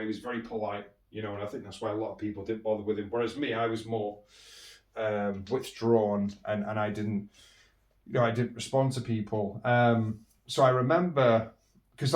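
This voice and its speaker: A man's voice: on the low side, a little mellow, echoey room, distant mic. A man with a British accent telling candid, rambling stories about his own childhood as a podcast host. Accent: British English. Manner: rambling and candid, with frequent restarts and chuckles. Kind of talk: candid personal storytelling.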